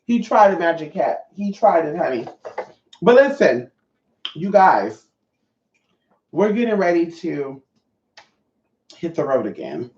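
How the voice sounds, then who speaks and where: A man's voice: a little high, sing-song, takes it slowly, pauses often, a little mellow, roomy sound, lo-fi sound. A sassy man chatting casually on a livestream, swearing freely and greeting viewers by name. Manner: sassy, profane, chatty, reads viewer comments. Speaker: vlogger.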